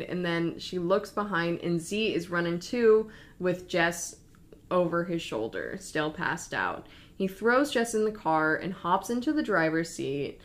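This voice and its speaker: Young woman animatedly retelling a story. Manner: lively, acts out quoted lines with raised pitch. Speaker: storyteller recapping a true story. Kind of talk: casual retelling to a listener.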